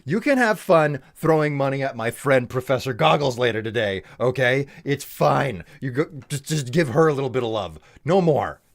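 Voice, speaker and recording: A man's voice: medium pitch, expressive, moderate pace, creaky, few pauses. A man streaming a game live, exasperated and swearing, teasing his chat.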